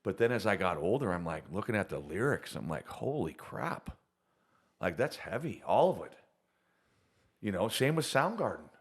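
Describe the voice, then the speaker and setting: A middle-aged man co-hosting a casual podcast, talking in an animated, emotional way. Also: fairly low pitch, fairly quick, slightly rough. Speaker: podcast co-host. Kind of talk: casual chat.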